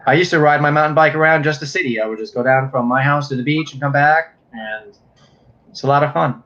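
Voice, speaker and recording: A man chatting casually as a guest on a livestream, relaxed and rambling, often trailing off. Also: fairly high pitch, brisk, dull audio. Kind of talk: casual chat.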